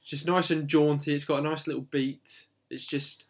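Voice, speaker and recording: A man's voice: fairly high pitch, fairly even intonation, normal speed. A man co-hosting a casual podcast, bantering dryly and steering the chat toward the wrap-up. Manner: dry, bantering, steers the show. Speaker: podcast co-host.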